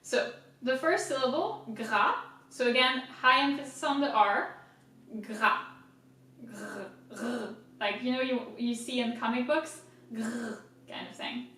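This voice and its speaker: A woman teaching French pronunciation in a casual video lesson, her fairly high voice sitting a little back from the mic. She breaks words into slow syllables and repeats them patiently, with a dash of self-mocking humor. The room around her rings with heavy echo. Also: fairly bright tone. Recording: very echoey room, voice from a distance.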